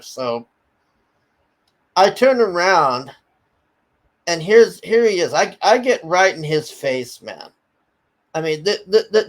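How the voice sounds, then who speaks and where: A man with a somewhat high-pitched voice rants in a loose, conversational way. He swears often and stammers through restarts, and he tells the story with blunt, heated energy. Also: poor audio. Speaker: commentary streamer. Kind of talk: casual ranting story.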